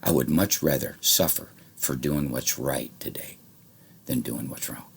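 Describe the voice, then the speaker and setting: A man talking straight to his viewers in a rambling, profane monologue that swings from low muttering to shouting. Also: a little slow, vocal fry, a little hiss or hum. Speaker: vlogger.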